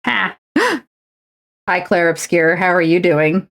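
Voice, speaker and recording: A woman's voice: lowish voice, steady tone, takes it slowly, gravelly. A woman, chatting and rambling to herself and her viewers while she crafts on a stream. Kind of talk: casual chat while crafting.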